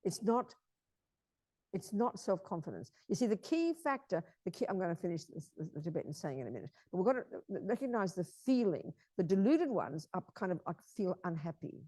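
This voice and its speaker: A woman's voice: lowish voice, very animated, a little fast, dark tone, dry recording. A woman teaching Buddhism in an emphatic way, repeating key phrases and often asking her listeners if they understand.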